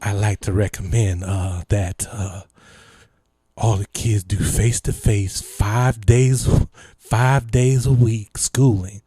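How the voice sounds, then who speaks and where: A man imitating a state governor who speaks slowly, haltingly, with many "uh"s and lip smacks. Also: fairly low pitch, fairly even intonation, dark tone, breathy edge, no echo, pitched below the performer's own voice. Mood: droning official. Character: halting male state governor, stiff and official.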